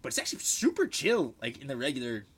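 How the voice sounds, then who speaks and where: A young man on a casual podcast, telling military stories in an animated, swearing way and shouting out the lines he quotes. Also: medium pitch, fast. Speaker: podcast co-host, military veteran. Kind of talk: casual storytelling chat.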